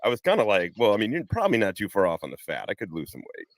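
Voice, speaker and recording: A man with a very deep voice swings his pitch around a lot as he chats and jokes at his own expense. The sound is dry and close. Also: huge pitch swings, racing, no echo. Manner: self-deprecating, joking. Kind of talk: casual chat.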